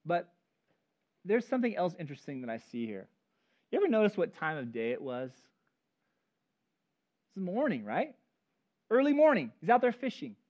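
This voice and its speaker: A man preaching a sermon as pastor, telling stories in an animated, conversational way. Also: high-pitched, moderate pace, long pauses. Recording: dull lo-fi recording.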